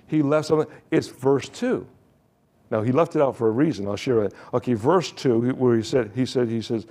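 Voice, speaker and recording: A pastor preaching a sermon, reading scripture and retelling it with joking asides. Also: male voice, medium pitch, lively intonation, normal speed, dark tone.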